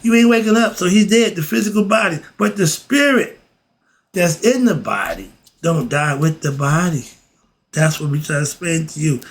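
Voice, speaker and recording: A man's voice: on the high side, normal speed. A man teaching philosophy in a casual, emphatic way, often throwing rhetorical questions at his listeners. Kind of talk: casual spoken lesson.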